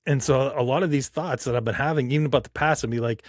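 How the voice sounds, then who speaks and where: Podcast host guy musing out loud, lots of um's, mid pitch, dead dry sound. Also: fast, dry recording. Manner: reflective, rambling, with many fillers. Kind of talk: casual chat.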